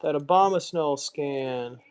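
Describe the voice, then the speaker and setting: A man hosting a casual live stream, muttering to himself while sorting items and throwing quick asides to the chat. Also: on the high side, a little mellow, clean tone.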